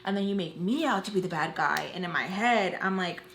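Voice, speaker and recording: A woman's voice: on the low side, animated, fairly bright tone, a little hiss or hum. Woman telling a story in an echoey room. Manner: emotional, rapid retelling full of "like". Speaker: storytime vlogger. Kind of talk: casual storytime while doing makeup. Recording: roomy echo.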